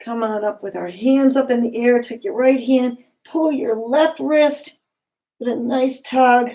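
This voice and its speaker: A woman talks a class through yoga poses one cue at a time, calm and encouraging. Her voice sits a little on the high side. She keeps a steady, guiding tone as she instructs. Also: unhurried, poor audio. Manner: calm and encouraging, step-by-step cues.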